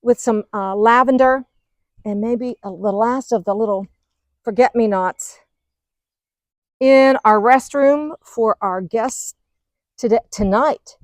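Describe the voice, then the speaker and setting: A middle-aged woman hosting a gardening vlog, chatting excitedly as she walks through her outdoor garden. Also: a little high, slow, long pauses, no echo. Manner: chatty, excitable, gushing over plants. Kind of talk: casual garden walk-through.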